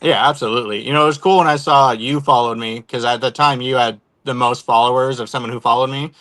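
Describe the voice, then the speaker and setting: A man's voice: mid-range voice, steady tone, quick pace, a bit bright. A man from Oregon, a guest on a podcast, talking in an easygoing, laid-back casual chat. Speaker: guest, content creator.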